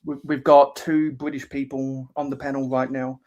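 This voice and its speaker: A man's voice: mid-range voice, flat delivery, moderate pace, a little mellow, muffled recording. A man hosting a casual livestream while building LEGO. He talks hesitantly with many fillers and reads viewers' chat aloud. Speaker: livestream host.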